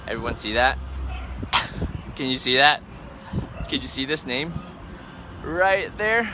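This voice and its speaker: A man's voice: medium pitch, animated, slow pace. Rambling young man on a noisy live stream. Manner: rambling, filler-heavy, lots of "um" and "like". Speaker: travel vlogger. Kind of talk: casual livestream chat answering viewer questions. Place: outdoors at a harbor among wooden boats. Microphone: phone held for a live stream. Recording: noisy outdoor background.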